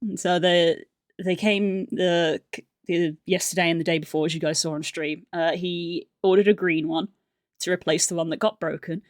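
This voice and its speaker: A woman's voice: on the low side, fairly even intonation, moderate pace, dry recording, studio quality. A young woman livestreamer telling a casual story on stream, rambling and chatty with lots of fillers and restarts.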